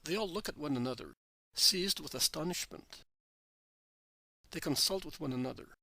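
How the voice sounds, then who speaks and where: A man reading religious narration in an even, measured way. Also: on the high side, gravelly, no room sound, poor audio. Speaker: reader.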